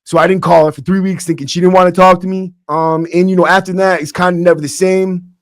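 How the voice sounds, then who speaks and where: A man's voice: sits high, level tone, fast, no echo, clean studio sound. A man hosting a podcast, telling stories in a blunt, streetwise way, often saying "bro" and restarting his sentences. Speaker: podcast host and former prisoner. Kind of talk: casual storytelling monologue. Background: faint acoustic guitar music.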